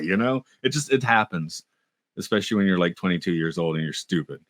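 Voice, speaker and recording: A man's voice: sits low, expressive, brisk, fairly bright tone, no room sound. A middle-aged man co-hosting a podcast, rambling and self-mocking, with frequent restarts. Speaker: podcast co-host. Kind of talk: casual chat.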